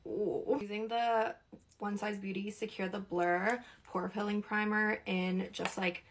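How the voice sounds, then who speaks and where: A young woman from Canada talks through her makeup routine in a casual, rambling tone. Her voice has a slightly breathy, husky texture. It sits at an ordinary middle pitch for a woman. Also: little pitch movement, unhurried. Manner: chatty, rambling, upbeat product talk. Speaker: beauty creator. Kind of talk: casual makeup tutorial chat.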